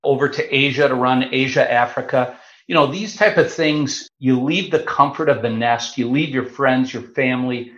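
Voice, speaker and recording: This man in his fifties tells his story in an animated, chatty way, stopping for the odd filler as he goes. The recording is roomy and somewhat dull, as though taken in an open room with a lo-fi mic. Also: mid-range voice. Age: 50s. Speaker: guest. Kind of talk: casual storytelling. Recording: roomy, slightly dull sound.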